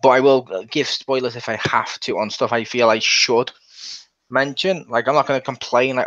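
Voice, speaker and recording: A man's voice: medium pitch, steady tone, fairly quick, fairly bright tone, dry recording. Man, casual game review host, rambling, dry sound, dull lo-fi audio. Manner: rambling, with many restarts.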